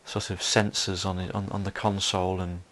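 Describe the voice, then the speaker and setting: A man's voice: low-pitched, little pitch movement, moderate pace, a bit bright. A man giving a solo film commentary, rambling with many fillers and restarts.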